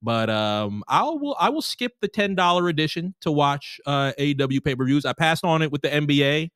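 A man's voice: on the high side, fairly bright tone, no room sound, studio quality. A man co-hosting a casual sports podcast, rambling with restarts and fillers and swearing casually. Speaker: podcast co-host.

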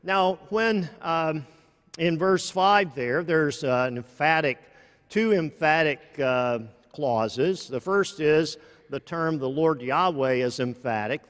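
Man, preacher, sermon, slow and deliberate, fairly high voice, long church reverb. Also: a bit bright. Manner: slow, deliberate, with many restarts. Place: large church.

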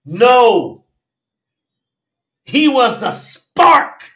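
A high, lively male voice preaches with fire, calling listeners by name and shouting his points in African American speech. The sound is bright and carries a roomy echo. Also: normal speed. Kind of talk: fiery sermon on a live stream.

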